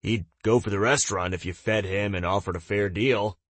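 Man reading a glum young guy, mumbling, hollow, husky. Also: on the low side, steady tone, a little fast, fairly bright tone, no echo. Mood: dejected.

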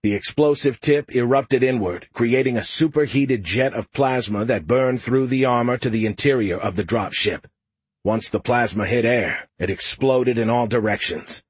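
A man narrating a science fiction audiobook in the first person at a steady, measured pace. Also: mid-range voice, husky, no room sound.

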